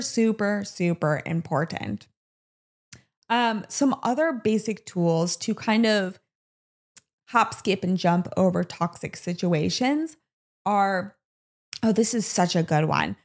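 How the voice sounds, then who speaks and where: A woman from the US Midwest with a Midwestern American accent, hosting a solo podcast in a chatty, playful way and talking straight to her listeners. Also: mid-range voice. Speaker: podcast host. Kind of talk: casual solo podcast talk.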